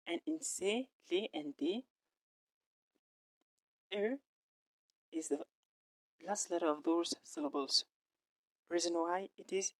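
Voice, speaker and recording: A woman's voice: fairly low pitch, no room sound. A woman teaching a French lesson online. She speaks with a French accent and explains each rule step by step, often checking in with "right?".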